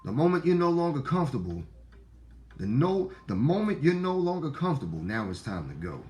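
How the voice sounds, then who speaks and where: A man with a deep voice and a Black way of talking lectures his viewers, repeating lines and swearing as he goes. His voice jumps from loud outbursts to low, muttered asides. Faint music plays under him. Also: sing-song, fairly quick. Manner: swings between loud outbursts and low murmurs. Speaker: online talk host. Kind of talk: casual monologue to viewers.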